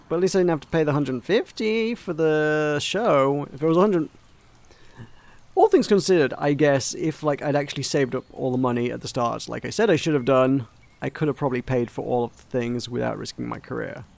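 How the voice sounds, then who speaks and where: Gravelly, rambling gamer guy. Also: a little high, moderate pace, darkish tone. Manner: rambling, self-mocking. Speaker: let's play gamer. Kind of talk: casual gameplay commentary.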